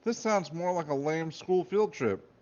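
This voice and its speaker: A man's voice: fairly high pitch, unhurried, a little mellow, pitched above the performer's own voice, close to an everyday voice. Guy doing a bored grumpy teen boy, dry and grumbly, muffled recording. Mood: grumbling.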